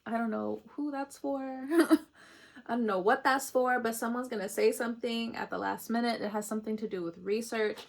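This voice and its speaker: A woman's voice: medium pitch, gravelly. Woman tarot reader, casual and chatty, laughs a lot, slips into emotional asides. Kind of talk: casual spiritual reading.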